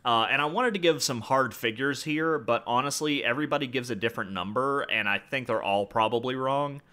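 A man's voice: medium pitch, fairly quick, pushed and bright, smooth. A man hosting a casual history podcast, explaining events and adding jokes and asides as he goes. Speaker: podcast host.

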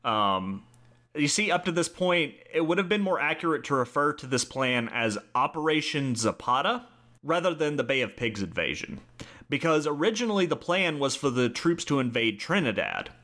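A man's voice: a little high, big pitch swings, moderate pace, sharp tone. A young man co-hosting a casual history podcast, explaining from his notes and laughing easily. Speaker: podcast co-host.

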